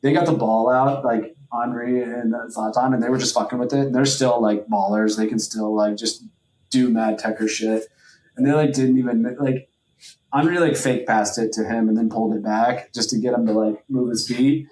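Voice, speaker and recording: A man holds forth on a casual podcast, rambling with lots of filler words and plenty of profanity. His voice sits at a middling pitch. The room around him is noticeably echoey. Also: fairly even intonation, normal speed, a little mellow, slight background noise. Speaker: podcast co-host. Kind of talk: casual chat.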